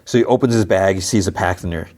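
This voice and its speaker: Deep-voiced man recapping a show. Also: fast talker, a little mellow. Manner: retells scenes with constant "he's like" quoting. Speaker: podcast host. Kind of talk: casual episode recap.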